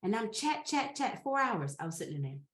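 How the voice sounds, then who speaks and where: A woman guest on a podcast, telling a story in a lively, dramatic way and laughing often. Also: medium pitch, brisk. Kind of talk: animated storytelling. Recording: roomy echo.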